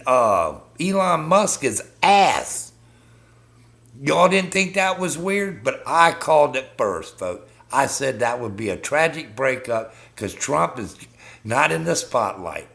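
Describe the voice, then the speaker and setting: A man's voice: medium pitch, creaky, a bit bright. A man hosting a live stream, ranting bluntly and swearing constantly as he talks to viewers about politics.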